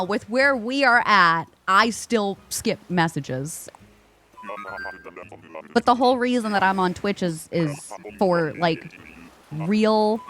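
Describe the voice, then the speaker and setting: A woman streamer chatting casually, reading and answering her chat aloud and jumping high in pitch when excited.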